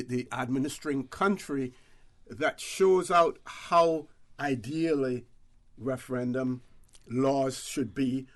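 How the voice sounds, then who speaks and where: Measured man hosting a radio talk show. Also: medium pitch. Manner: measured, steady explaining with many hesitations. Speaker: radio host. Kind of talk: call-in radio discussion.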